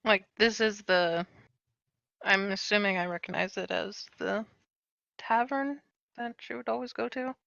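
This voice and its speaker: Gravelly, bright-toned woman player. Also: medium pitch, a little slow, no room sound, highs cut off. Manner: casual, uses like a lot. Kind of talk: casual tabletop play.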